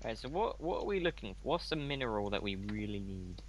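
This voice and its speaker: A man's voice: lowish voice, very animated, a little fast, slight background noise, rough recording. A young man chatting casually while playing a game with a friend, joking and swearing often. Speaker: co-host gamer. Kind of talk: casual gaming chat.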